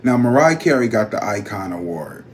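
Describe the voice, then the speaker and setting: A man's voice: lowish voice, sing-song, normal speed, a little hiss or hum. Chatty man dishing celebrity gossip. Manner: chatty, slangy, talks straight to viewers. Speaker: psychic channel host. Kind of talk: casual celebrity gossip vlog.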